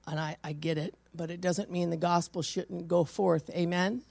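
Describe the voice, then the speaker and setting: Gravelly older woman preaching. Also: fairly low pitch, normal speed, no echo. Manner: animated, swings between loud and hushed. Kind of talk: storytelling sermon.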